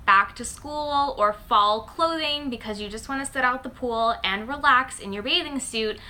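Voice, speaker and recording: Her voice sits on the high side, bright and forceful, at a moderate pace. Founder and host of a blogger network, she chats upbeat on a casual phone livestream for her followers, saying "um" often, a slight lisp coming from her dental aligners.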